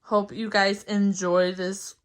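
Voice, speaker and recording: Speaking slowly in a mid-range, level voice, a young vlogger in her twenties gives a casual, meandering tour of her small bedroom. She's a bit out of breath, giggles frequently, and fills gaps with "um" and "like."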